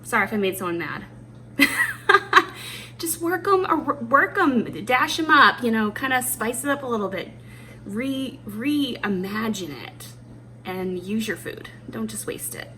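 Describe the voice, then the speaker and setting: A woman's voice: fairly high pitch, lively intonation, measured pace, sharp tone, slight background noise. Chatty mom cooking in her kitchen. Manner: chatty, self-deprecating, thinks aloud while working. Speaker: homeschooling mom cooking on camera. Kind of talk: casual cooking chat. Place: home kitchen. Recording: distant mic with clattering dishes behind.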